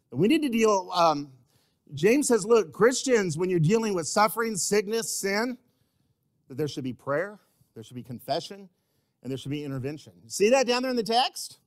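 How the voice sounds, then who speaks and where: A man preaching a sermon as a pastor in a church, animated, humorous and direct with his listeners. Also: sits high, no room sound.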